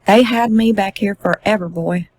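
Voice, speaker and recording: A woman's voice: mid-range voice, moderate pace, a little mellow, breathy edge, lightly acted. A woman voicing a stunned, grieving father. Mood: incredulous. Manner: rising, incredulous questions. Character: distraught older father, pleading and disbelieving.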